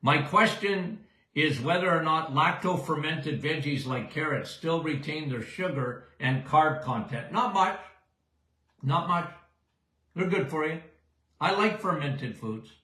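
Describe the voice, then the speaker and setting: A man's voice: fairly high pitch, measured pace, bright, forceful tone, reverberant. An older man hosting a live Q&A show as a doctor answering listener questions, folksy and emphatic, often checking in with "okay?".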